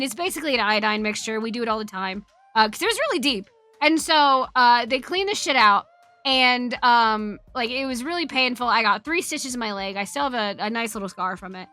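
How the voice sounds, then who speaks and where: Bright-voiced swearing woman streamer. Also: on the high side, no room sound. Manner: chatty, swears freely, laughs through her story. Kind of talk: casual storytelling chat on a game stream.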